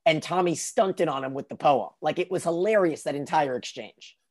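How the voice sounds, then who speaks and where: A man's voice: fairly high pitch, moderate pace. A man co-hosting a podcast, chatting casually about a TV episode with many restarts and fillers. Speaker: podcast co-host. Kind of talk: casual TV recap chat.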